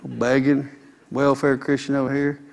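A man's voice: medium pitch, flat delivery, normal speed, creaky. A man preaching a sermon as a pastor, emphatic and repeating his phrases in building runs.

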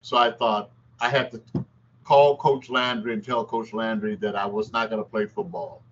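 A man's voice: lowish voice, normal speed, a little hiss or hum. An older man, a former basketball player, telling stories in an interview and acting out the quotes. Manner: animated storyteller, acts out quotes. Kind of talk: storytelling interview. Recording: dull lo-fi sound.

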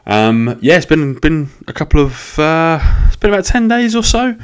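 A man's voice: on the high side, very animated, moderate pace, clean tone. A man hosting a solo podcast, rambling through casual chat with sweary, self-deprecating banter. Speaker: podcast host.

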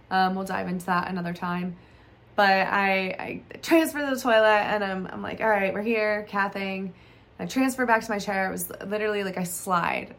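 A young woman hosts her own podcast and tells a personal story in a casual, blunt way, cussing without a second thought. Her voice is gravelly and sits at a middle pitch. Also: fairly bright tone. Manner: candid and blunt, swears freely. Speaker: podcast host.

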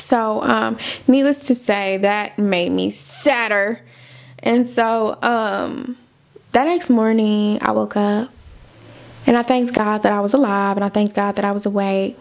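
A woman's voice: medium pitch, fairly even intonation, a little slow, gravelly, highs cut off. A young adult woman hosting a podcast, telling a personal story in a candid, chatty way with lots of fillers and asides to her listeners. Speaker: podcast host.

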